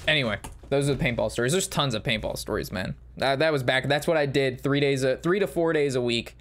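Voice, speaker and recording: A man's voice: medium pitch, quick pace, a bit bright. A man streaming and telling stories in a casual, rambling and profane way. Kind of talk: casual storytelling while streaming.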